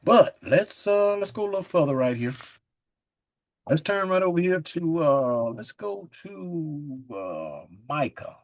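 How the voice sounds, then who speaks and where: A man teaching from the Bible in a casual, folksy way, reading scripture slowly and breaking in with chuckling asides. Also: a little high, sing-song. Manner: chuckles often, says "man" and "look" a lot.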